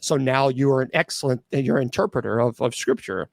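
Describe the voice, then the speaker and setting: A man's voice: mid-range voice, big pitch swings, fast, gravelly, hardly any pauses, dry recording, clean studio sound. A celibate clergyman taking viewer questions on a livestream, blunt and sarcastic, with frequent restarts and stumbles.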